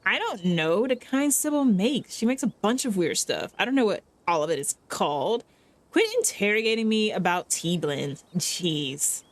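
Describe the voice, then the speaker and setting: A woman voicing a gruff, irritable young woman cousin in a story game. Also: medium pitch, lively intonation, normal speed, close to an everyday voice. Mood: grumpy. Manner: dismissive, irritable.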